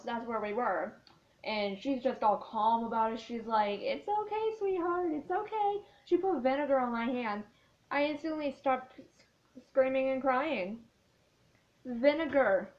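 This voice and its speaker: A teenage girl telling a story in a casual vlog, rambling with lots of filler words. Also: fairly high pitch. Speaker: vlogger. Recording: dull lo-fi sound.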